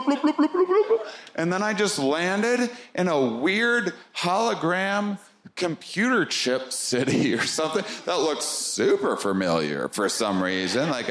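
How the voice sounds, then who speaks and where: A man doing stand-up, telling a story with lively swoops into squeaky sound effects. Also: roomy sound. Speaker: stand-up comedian. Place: comedy club stage.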